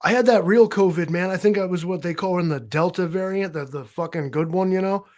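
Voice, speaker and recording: Brash joking man, slightly high voice. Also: a little fast, darkish tone. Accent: New York. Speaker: livestream co-host. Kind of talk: casual livestream chat.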